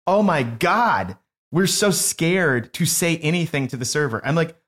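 A woman's voice: low voice, animated, unhurried. A woman co-hosting a casual chat who laughs often and reacts in short remarks.

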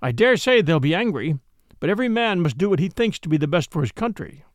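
A grave working-class cab driver and father, earnest and firm as he lectures his family, read by a man. His lively, rising and falling voice comes across close and dry in a storybook reading. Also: fairly high pitch, quick pace, dry recording.

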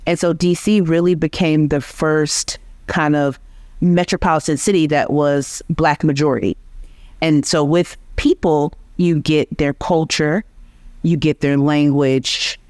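A woman's voice: deep voice, measured pace, darkish tone, no echo, studio quality. A woman linguist, a guest on an interview, explaining speech patterns patiently and often checking in with "right?".

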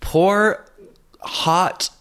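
A man telling a travel story in casual, gossipy chat, animated and full of profanity. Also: sits high, extremely slow, smooth. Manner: animated, profane storyteller, calls friend bitch and girl.

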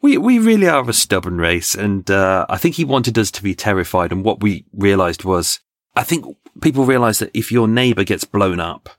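Man telling lively anecdotes. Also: fairly low pitch, normal speed, no room sound, studio quality. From England. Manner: animated anecdotes, frequent laughs and restarts. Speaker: podcast guest. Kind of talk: storytelling in conversation.

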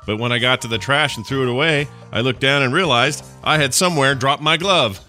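A man's voice: medium pitch, fast talker, hardly any pauses, pushed and bright, soft background music. A man co-hosting a casual morning chat show, telling rambling stories with many restarts and self-interruptions. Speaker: podcast co-host.

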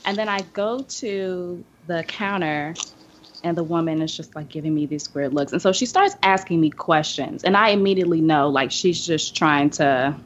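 A woman from the American South tells a story at a podcast roundtable, with a voice that sits on the lower side. She drops into animated impressions of the people she describes. The recording is muffled and low-fidelity. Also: moderate pace, slight background noise. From Southern United States. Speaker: podcast panelist. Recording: dull lo-fi podcast audio.

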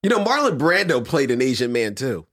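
An easygoing man hosting a podcast and steering the talk from one segment to the next. His pitch rises and falls freely. He keeps the banter relaxed. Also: brisk. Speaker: podcast host. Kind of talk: casual chat.

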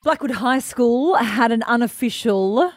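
A woman's voice: on the high side, animated, unhurried, background noise. A woman, co-hosting a radio show and telling stories in casual, laughing banter. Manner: chatty storytelling with laughs. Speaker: radio co-host.

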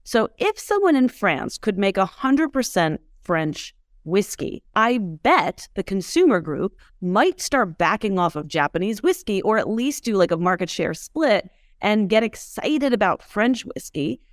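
A whiskey entrepreneur in her thirties from the United States tells her story animatedly in a casual interview, full of "like" and acted-out quotes. Her mid-range voice is a little slow with hardly any pauses, recorded in studio quality with no room sound.

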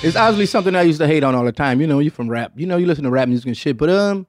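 A Detroit man hosts a podcast in casual, rambling, slangy chat, swearing often and ending many lines with "man." His fairly high voice is animated and rapid-fire, with soft background music behind it.

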